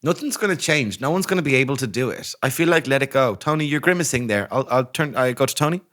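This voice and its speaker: A man's voice: mid-range voice, lively intonation, quick pace, a bit bright. An Irish man co-hosting a comedy podcast, bantering in an ironic, mock-serious way. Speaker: podcast co-host. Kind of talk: comedic casual chat.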